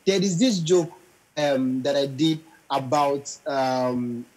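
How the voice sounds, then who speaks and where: Speaking slowly in a mid-range voice, a young comedian guest tells stories during an interview, captured on poor audio. He's an animated storyteller who performs different voices and breaks into sung lines.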